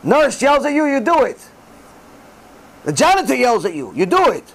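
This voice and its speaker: A middle-aged man giving a religious class in sermon style, animated and acting out the voices he quotes. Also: very high voice, moderate pace, rough recording. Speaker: rabbi giving a Torah class.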